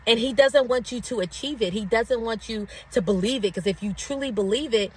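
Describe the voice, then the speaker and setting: A woman's voice: a little high, fairly quick, slightly rough. A woman leading a casual motivational faith talk. She talks conversationally, often says "like" and "right?", and builds to repeated preaching phrases. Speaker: faith ministry speaker.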